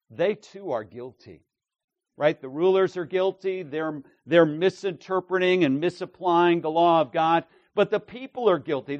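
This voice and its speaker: Slow, emphatic male preacher. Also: fairly high pitch, no room sound, muffled recording. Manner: emphatic, checks in with "right?", acts out quoted lines. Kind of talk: expository sermon.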